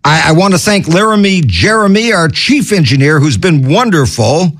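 A man hosting a radio show in a manic, zany way, stammering, shouting and giggling between his lines. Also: a little high, animated, normal speed.

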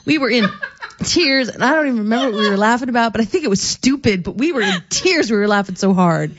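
A woman in casual, crude banter, profane and animated and quick to laugh. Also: on the high side, muffled recording, a little hiss or hum.

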